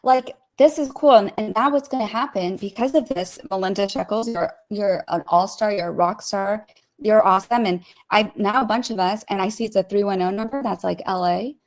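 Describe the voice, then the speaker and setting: Opinionated woman in casual stream chat. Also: mid-range voice. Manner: rapid, filler-heavy, opinionated. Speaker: co-host discussing court filings.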